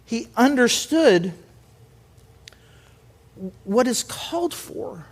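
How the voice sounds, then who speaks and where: A man with a high speaking voice delivers a relaxed, conversational sermon. He talks like he is chatting with the room, slips easily into acted-out quotes, and slows down to stress his main points. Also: vocal fry. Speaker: pastor.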